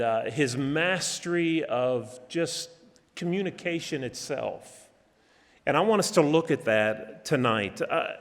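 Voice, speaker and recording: A middle-aged man preaching a sermon in a church, folksy and halting, with many restarts and fillers. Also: medium pitch. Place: church hall. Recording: reverberant church hall.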